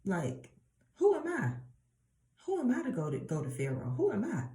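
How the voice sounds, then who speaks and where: A woman's voice: mid-range voice, huge pitch swings, normal speed, warm tone, voice pushed up. Moses, anxious and reluctant, woman's put-on voice, protesting in a roomy space. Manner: protesting, incredulous questions.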